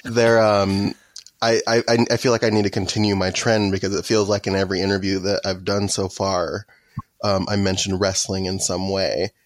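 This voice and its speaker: A man's voice: low-pitched, little pitch movement, normal speed, no room sound. A man co-hosting a podcast, asking curious, friendly questions in casual chat. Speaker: podcast co-host.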